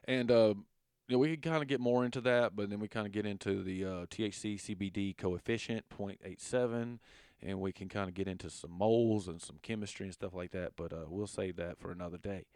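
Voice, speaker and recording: A man with a Southern accent giving a casual lesson, relaxed and full of fillers, stumbling over long chemical names. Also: on the low side, a little fast, smooth, dry recording, clean studio sound. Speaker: educator.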